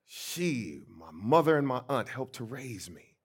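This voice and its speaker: A middle-aged man from St. Louis, a pastor giving a storytelling sermon, emphatic and swinging between soft and loud. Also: mid-range voice, sing-song, unhurried, slightly rough. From St. Louis, USA.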